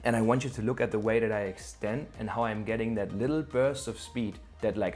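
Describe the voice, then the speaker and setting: Man coaching skate technique step by step. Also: fairly low pitch. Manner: explains step by step, directing the viewer. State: out of breath. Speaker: surfskate coach. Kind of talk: instructional video tutorial. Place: outdoor skate bowl, then home office.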